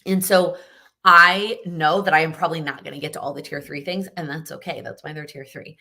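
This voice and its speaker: A woman's voice: low voice, steady tone, brisk, bright, forceful tone. A young woman hosting a live Q&A, chatting casually and giving encouraging advice, often restarting her sentences. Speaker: host answering viewer questions.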